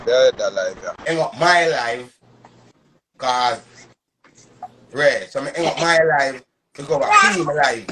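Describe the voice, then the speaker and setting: A man's voice: mid-range voice, huge pitch swings, slow pace, pauses often, background noise. A man in his thirties with a Jamaican Patois accent, ranting on a casual live stream in an emphatic, repetitive, boastful way. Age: 30s.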